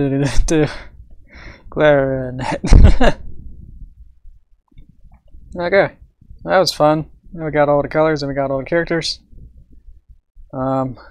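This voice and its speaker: A man chatting casually on his livestream as he draws, thinking aloud, humming to himself and chuckling between remarks. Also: mid-range voice. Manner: thinks aloud, hums and chuckles while he works. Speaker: livestreaming artist. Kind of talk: casual livestream chat while drawing.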